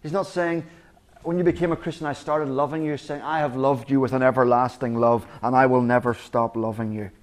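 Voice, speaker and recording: A man's voice: medium pitch, fairly even intonation, a little fast. A male pastor preaching a sermon earnestly, often restarting his words and quoting God's voice. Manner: earnest, with repeated restarts and quoted voices of God.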